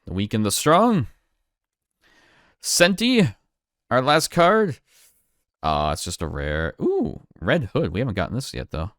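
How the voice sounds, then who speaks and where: A man casually talking through a card pack unboxing, relaxed and chatty, thinking aloud as he goes. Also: mid-range voice, unhurried, pauses often, no room sound, studio quality. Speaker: card collector streamer.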